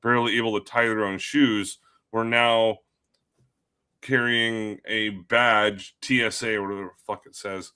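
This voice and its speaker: A man's voice: on the low side, level tone, a little slow, sharp tone, clear, resonant tone. A man telling a story on a panel in casual chat, crude and sarcastic.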